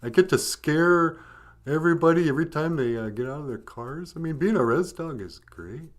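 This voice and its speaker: Goofy young res dog, male, pitched up and bouncy, cracks his own puns; a man puts him on. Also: animated, normal speed, natural voice. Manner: jokey, laughs at own puns.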